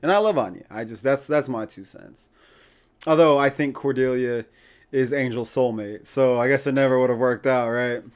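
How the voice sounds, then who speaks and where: A man's voice: medium pitch, moderate pace, clean tone. Male podcast host, casual opinionated recap, mid-range voice, laughs easily. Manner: chatty, opinionated, laughs often.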